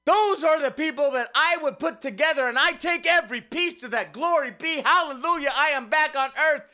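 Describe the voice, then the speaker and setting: High, bright-voiced man preaching breathlessly. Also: a little fast. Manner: swings from hushed murmurs to rising revival-preacher exclamations. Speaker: radio host. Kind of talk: impassioned preacher-style monologue.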